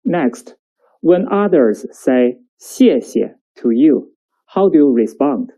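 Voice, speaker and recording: Slow, dark-voiced language teacher. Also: female voice, very deep voice, expressive, low-quality recording. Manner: slow, careful enunciation with drills for the listener to repeat. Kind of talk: recorded language lesson.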